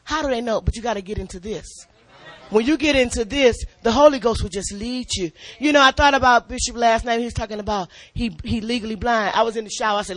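A middle-aged woman delivers a spirited church testimony and sermon in a fairly high voice at a quick pace. She's animated, laughs often, and repeats her words as she preaches.

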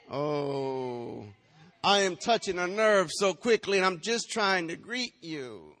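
A man's voice: high-pitched, expressive, slow, fairly bright tone, big-room sound. A man preaching a sermon in a church, firing rhetorical questions, teasing the congregation and slipping into a sing-song chant.

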